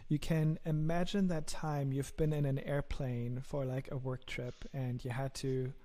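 A man's voice: mid-range voice, level tone, a little slow, warm tone. A man with a German accent, a startup founder talking earnestly as a guest in an interview, often repeating words as he starts a sentence. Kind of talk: casual interview talk.

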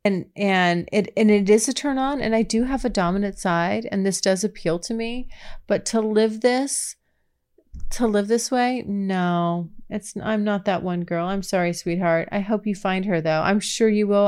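A woman hosts a podcast and answers listener questions in a loose, candid way. She often restarts her sentences and lets out breathy exclamations. Her voice sits in the middle range. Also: mid-range voice, normal speed, a little mellow. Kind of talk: casual chat.

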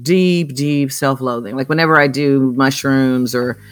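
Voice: mid-range voice, fairly even intonation, a little slow, faint music behind. A podcast host who asks questions in an interview conversation and drops in brief reactions and blunt interjections.

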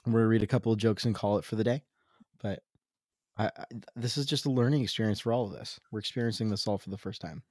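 A man co-hosting a casual podcast, reading dad jokes aloud in a halting, wry way. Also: fairly low pitch, a little mellow, dry recording, clean studio sound. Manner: halting, self-interrupting, wry. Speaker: podcast co-host.

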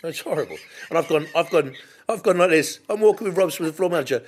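A man's voice: on the high side, animated, quick pace, breathy edge. A middle-aged man co-hosting a podcast, rambling through a story in casual chat with lots of restarts. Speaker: podcast co-host.

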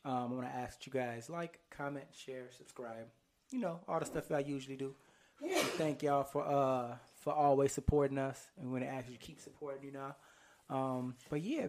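A man's voice: on the high side, a little mellow. A man from Chicago hosting a casual podcast, talking in a laid-back, loose way and laughing with his friends. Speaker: podcast host.

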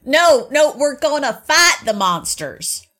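A woman playing a tabletop game, speaking in a lively, eager way. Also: sits high, takes it slowly. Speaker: player. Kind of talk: casual tabletop play.

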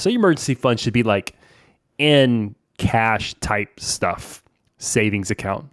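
A fortyish podcast host from New Orleans gives casual financial advice in a loose, chatty, conversational way, often saying "man" and checking in with "right?" His fairly low voice is animated and measured in pace. The sound is dry and close, with no room sound.

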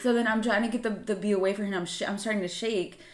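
A young woman co-hosting a casual podcast, telling an animated story with plenty of "um"s and "like"s. Her voice sits in a middle pitch and bounces off an echoey room. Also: very fast. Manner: animated storytelling with frequent fillers. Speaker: podcast co-host. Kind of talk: casual chat.

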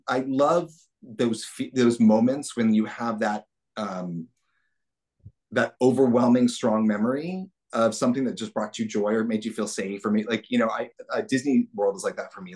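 A man being interviewed as a guest, talking in an enthusiastic, reflective way with many restarts. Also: lowish voice. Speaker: puppeteer guest. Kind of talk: casual interview chat.

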